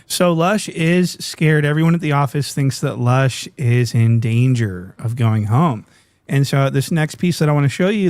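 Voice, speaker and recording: A man's voice: mid-range voice, darkish tone, no room sound. A man hosting reaction commentary, talking in a mocking, incredulous way. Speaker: commentary channel host.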